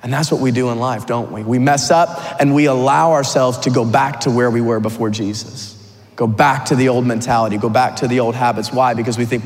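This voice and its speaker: A man preaching a sermon, retelling a story in an animated, conversational way with some humor. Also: mid-range voice, normal speed. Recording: long hall reverb.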